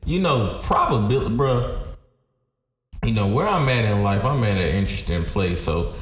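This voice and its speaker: A man's voice: on the low side, expressive, normal speed. A man co-hosting a podcast, chatting in a reflective, slangy way and saying "bro" a lot. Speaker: podcast co-host. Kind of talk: casual chat. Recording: echoey room with faint noise.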